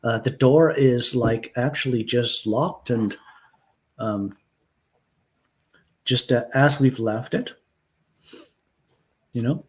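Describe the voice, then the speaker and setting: A man leading an improvised collaborative story, talking slowly and hesitantly with many fillers. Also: mid-range voice.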